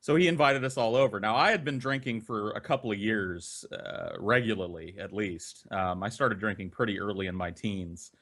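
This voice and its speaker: Talking at a moderate clip with hardly any pauses, this young podcaster has a lowish voice and spins rowdy, profane yarns. He keeps it casual and animated, performing the voices of everyone in his stories.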